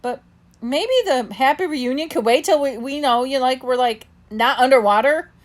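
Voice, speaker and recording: A woman's voice: sits high, moderate pace, voice pushed up, natural voice. A woman voicing a sarcastic, impatient old male dog in a storybook reading.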